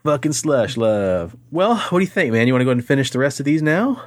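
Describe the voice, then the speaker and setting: A man's voice: mid-range voice, fast, no room sound. A man co-hosting a podcast, chatting casually and telling stories with lots of swearing and acted-out quotes. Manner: profane, animated storyteller acting out quoted voices. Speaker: podcast co-host. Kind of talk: casual chat.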